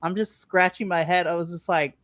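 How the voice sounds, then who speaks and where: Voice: mid-range voice, steady tone, fairly quick, a bit bright, no room sound. A podcast co-host giving a casual recap, chatty, laughing often and acting out their own reactions. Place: remote live stream.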